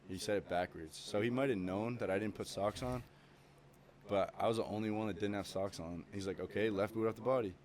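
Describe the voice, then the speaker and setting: Young male podcast guest, low-pitched, loose and profane storyteller. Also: a little fast, a little mellow. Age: young adult. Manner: swears constantly, rambling with many fillers. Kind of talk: casual chat.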